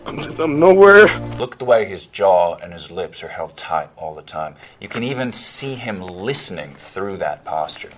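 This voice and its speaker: Brief: accent commentator, lower voice, lively intonation, faint background noise. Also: male voice, faint music behind. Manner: analytic, blunt, with quick imitations. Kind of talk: commentary voice-over on film clips.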